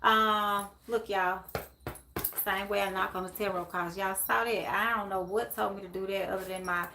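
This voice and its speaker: A woman's voice: medium pitch, steady tone, normal speed, background noise. A woman from Memphis hosts a live-stream spiritual reading, reading scripture and viewer comments aloud and repeating words for emphasis. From Memphis, USA.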